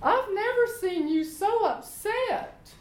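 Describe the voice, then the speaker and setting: A woman's voice: extremely high pitch, animated, slow pace, roomy sound, pitched above the performer's own voice, heavily acted. A woman preacher voicing a scheming, doting queen who coaxes her sulking husband, sweet and indignant on his behalf, in a sermon retelling. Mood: coaxing. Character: scheming doting adult queen, coaxing wife.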